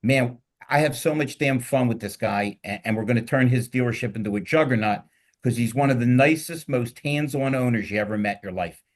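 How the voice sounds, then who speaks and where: Rambling joking Philly host. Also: male voice, medium pitch, a little fast. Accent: Philadelphia. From Philadelphia. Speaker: podcast host. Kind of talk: casual panel talk.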